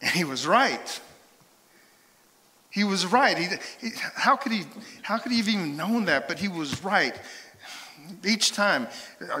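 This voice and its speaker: A man preaching a sermon as pastor, playful and lively with his congregation. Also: high-pitched, unhurried, pauses often. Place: church sanctuary. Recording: hall reverb in a church sanctuary.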